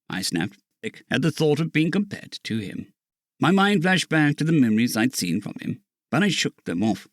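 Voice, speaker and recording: A male narrator reading a fantasy audiobook, his pitch ranging widely as he reads. The recording is dry and close, with no room sound. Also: moderate pace, no room sound. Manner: lively, expressive reading.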